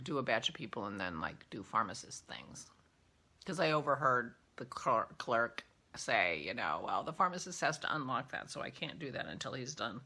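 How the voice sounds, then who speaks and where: A woman's voice: low-pitched, pushed and bright. A woman hosting a casual morning coffee vlog from home, rambling and easily sidetracked, a little yawny. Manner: rambling, easily distracted, chatty. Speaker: vlog host.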